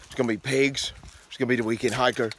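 A man vlogging casually outdoors by a creek, excited and playful, talking into a handheld camera. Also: mid-range voice, fast talker, a little hiss or hum, rough recording. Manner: excited, playful, sing-song. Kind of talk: casual trail vlog chat.

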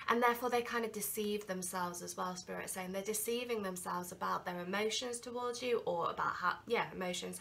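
Gravelly bright-voiced woman reading tarot. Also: medium pitch. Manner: rambling, earnest, full of ums and restarts. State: has a cold. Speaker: tarot reader.

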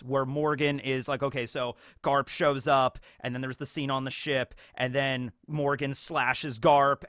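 A man's voice: mid-range voice, fairly bright tone, no room sound, clean studio sound. A man hosting a video in rambling, casual commentary full of fillers. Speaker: video host.

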